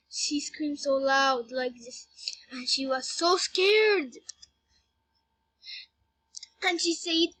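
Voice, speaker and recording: A woman reading her own story aloud, halting and stopping to correct herself. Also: high-pitched, a bit bright.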